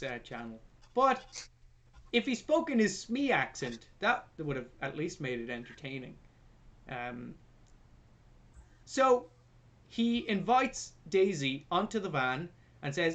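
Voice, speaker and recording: A man's voice: a little high, big pitch swings, a little slow, long pauses, fairly bright tone. A man co-hosting a film review podcast, recapping the plot in casual, sarcastic, sweary chat.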